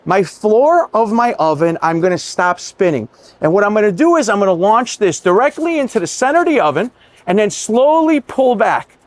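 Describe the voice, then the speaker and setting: Lively high-voiced male chef. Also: normal speed, dry recording. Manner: enthusiastic, chatty, addresses viewers as guys. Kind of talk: cooking demonstration.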